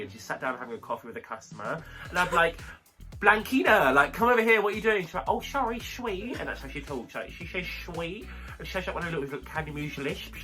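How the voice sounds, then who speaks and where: A co-host in a casual review chat, rambling through gossipy stories with frequent laughs. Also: mid-range voice. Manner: gossipy rambling storyteller with lively swings and laughs. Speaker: podcast co-host.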